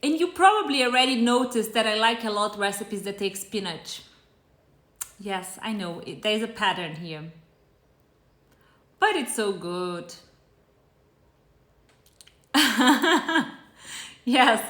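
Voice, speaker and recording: A woman with a Brazilian accent chats her way through a live cooking stream at a slow, easy pace, greeting viewers by name. Her voice is bright and a little high. The room has a noticeable echo. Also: expressive. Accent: Brazilian Portuguese. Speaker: cooking show host. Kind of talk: casual live-stream chat.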